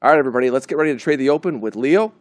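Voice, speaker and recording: A man's voice: mid-range voice, lively intonation, racing, dry recording. A man hosting a live trading show, bantering and joking with his guests before turning to the charts. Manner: jokey, bantering, hesitant restarts. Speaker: host.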